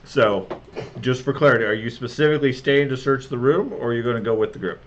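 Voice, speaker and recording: Halting male game master, lo-fi. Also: medium pitch, a little hiss or hum. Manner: halting, with fillers and restarts. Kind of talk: narrating a tabletop game.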